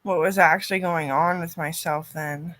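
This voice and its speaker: A woman in a rambling personal monologue, cursing often, her loudness swinging from loud outbursts to near-murmurs. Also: fairly low pitch, fairly even intonation, moderate pace, no echo.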